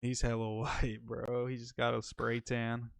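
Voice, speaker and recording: A man's voice: mid-range voice, completely flat delivery, measured pace, vocal fry, smooth, dry recording, studio quality. A man with a Northern Californian accent, co-hosting a casual livestream podcast in laid-back slangy banter. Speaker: podcast co-host.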